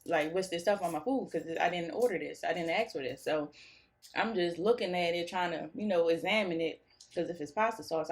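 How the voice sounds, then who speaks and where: Goofy woman telling a storytime tale. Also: fairly low pitch. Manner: goofy, laughs easily, animated retelling. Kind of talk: casual storytime chat.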